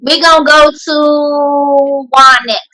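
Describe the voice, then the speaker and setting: A woman hosting a podcast, moderating casual chat in a blunt, expressive way. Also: high voice, slow, low-quality recording. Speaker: podcast host.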